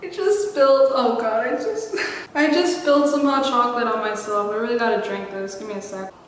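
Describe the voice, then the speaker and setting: Young woman, twenties, chatty vlog Q&A, slightly high voice, distant and echoey. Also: brisk, a little hiss or hum. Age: 20s. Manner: giggly, chatty, self-deprecating. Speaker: YouTuber answering viewer questions. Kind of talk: casual Q&A chat. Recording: very echoey room, distant mic.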